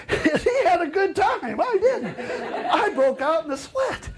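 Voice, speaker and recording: A man's voice: very high-pitched, unhurried. A middle-aged man giving a live customer service training seminar, joking and acting out customers. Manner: animated, joking, acts out customers.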